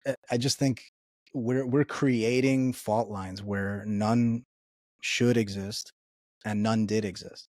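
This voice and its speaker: A man's voice: fairly low pitch, steady tone, takes it slowly, a little mellow, no echo, studio quality. A man speaking as an interview guest, talking earnestly and often checking in with "right?" as he explains his views. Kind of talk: conversational interview.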